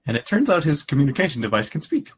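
A man's voice: a little high, huge pitch swings, quick pace, slightly rough. A man co-hosting a podcast, recapping a story in casual chat with a dry, wry delivery. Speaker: podcast co-host.

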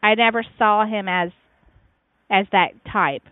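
A woman's voice: mid-range voice, steady tone, unhurried, clean tone, no echo. Woman, casual podcast chat, rambling with fillers, dry phone-quality line. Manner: chatty, rambling, frequent fillers and restarts. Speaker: podcast co-host reviewing fan fiction.

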